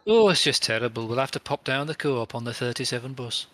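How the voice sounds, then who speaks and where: A man's voice: medium pitch, lively intonation, fast talker, a bit bright. A man from Buckinghamshire with an English RP accent, chatting and joking as a player in an online tabletop game. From Buckinghamshire, England.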